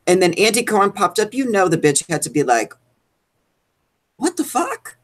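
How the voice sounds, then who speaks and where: A woman's voice: lowish voice, big pitch swings, fast talker. A woman co-hosting a live show, ranting animatedly about celebrity gossip. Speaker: co-host. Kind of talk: casual chat.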